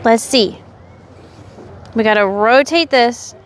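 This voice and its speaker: High-voiced sassy woman streaming outdoors. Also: takes it slowly, slight background noise. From Oregon, USA. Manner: chatty, sassy, talks to chat. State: sick, low energy. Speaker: livestreamer. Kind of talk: casual chat with live chat. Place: outdoors in a windy park. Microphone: phone on a selfie stick.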